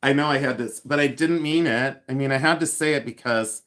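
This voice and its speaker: A man in his fifties chats loosely on a livestream, trading jokes with his viewers and poking fun at himself. His pitch sits in an ordinary middle range and his delivery is playful and offhand. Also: a little fast, a bit bright. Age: 50s. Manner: playful, self-mocking, teasing viewers by name; hums and scats tunes. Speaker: livestream host. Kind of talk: casual live chat.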